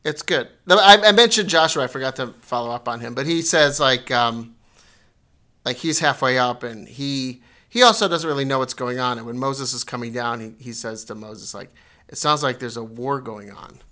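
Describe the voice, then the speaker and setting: A man's voice: mid-range voice, normal speed, sharp tone. A man co-hosting a podcast, casually retelling a story and correcting himself as he goes. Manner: rambling, self-correcting storyteller. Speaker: podcast co-host.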